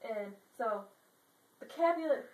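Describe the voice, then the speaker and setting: A woman's voice: a little high, expressive, takes it slowly, darkish tone, echoey room, distant mic, low-quality recording. Brash profane woman telling a story. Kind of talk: joking slangy retelling of a classic play.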